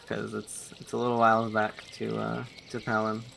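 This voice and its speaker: A man with a low, heavily gravelly voice plays in a tabletop game, describing his actions hesitantly and easily breaking into laughs. His tone is bright despite the rasp. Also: completely flat delivery, normal speed, a little hiss or hum. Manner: hesitant, laughs easily, speaks in character in first person. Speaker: player. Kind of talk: casual tabletop role-play.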